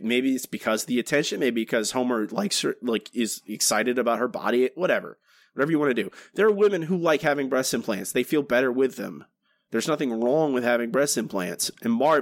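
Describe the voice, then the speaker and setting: A man's voice: mid-range voice, dry recording, studio quality. A man co-hosting a podcast, talking casually and rambling with frequent restarts. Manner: rambling, many restarts, animated. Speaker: podcast co-host.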